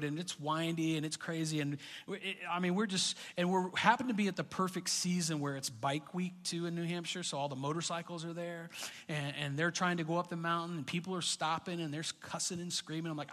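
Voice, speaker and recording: Middle-aged male pastor, fairly high voice, chatty storytelling sermon, long echo of a church hall. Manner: conversational, storytelling, rising to animated bursts.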